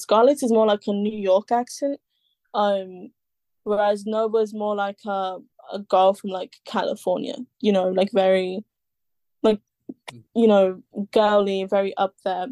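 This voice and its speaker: A woman's voice: medium pitch, level tone, measured pace, warm tone, no room sound. A woman talking as a podcast guest in casual chat, rambling with many fillers and the odd swear word.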